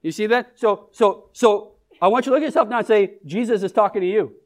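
A pastor with a notably high voice delivers a casual, conversational sermon. He keeps turning to the congregation with questions and light jokes, as if chatting with them. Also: fast talker. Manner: engages the congregation with questions and humor.

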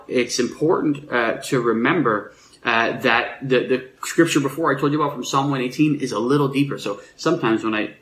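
A man giving a sermon in a relaxed, explanatory way, with frequent fillers and restarts. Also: medium pitch, roomy sound, slight background noise, low-quality recording. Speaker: preacher.

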